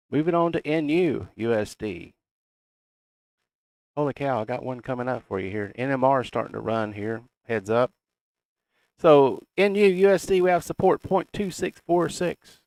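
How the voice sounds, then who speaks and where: Middle-aged Southern man, folksy market commentator, gravelly voice. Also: medium pitch, no room sound. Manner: folksy, reads price levels aloud. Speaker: crypto chart analyst. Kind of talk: casual chart commentary.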